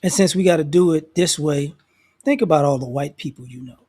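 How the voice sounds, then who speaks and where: Husky-voiced man in casual commentary. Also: fairly high pitch, fairly quick, darkish tone, no room sound. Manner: conversational, laid-back, direct. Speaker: commentary video host.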